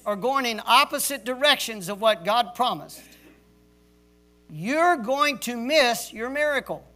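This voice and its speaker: A man's voice: extremely high pitch, expressive, measured pace, sharp tone. A male pastor preaching a sermon in a stern, emphatic way, repeating key words for stress like a drill sergeant. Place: church service.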